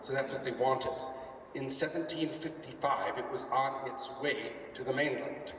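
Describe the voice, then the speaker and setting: A man's voice: medium pitch, moderate pace, a bit bright, slight background noise. A man casually telling a story to a convention audience, rambling and joking as he acts out bits of dialogue. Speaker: convention event organizer. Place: convention hall. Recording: echoey hall, mic from far off.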